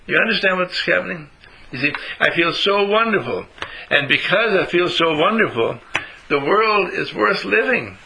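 A man talking to a small child in an animated, sing-song way, asking leading questions and answering them himself. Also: sits high, moderate pace, gravelly, a little hiss or hum, low-quality recording. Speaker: adult talking with young children. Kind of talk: coaxing talk to a small child.

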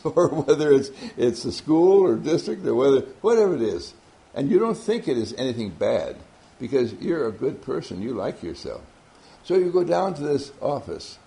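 A motivational speaker with a warm, medium-pitched voice tells a story animatedly and laughs often during his talk. The recording quality is low.

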